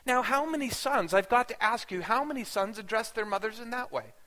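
A man's voice: high-pitched, fairly quick, pushed and bright, voice pushed up. A man preaching in the first person as a grieving, bewildered yet faithful mother, telling her story with earnest feeling and rising pleas. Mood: wounded, reflective. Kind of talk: first-person dramatic sermon monologue. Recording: long hall reverb.

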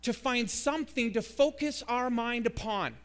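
High-voiced emphatic preacher man. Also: unhurried, a bit bright, clean tone. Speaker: pastor. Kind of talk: sermon.

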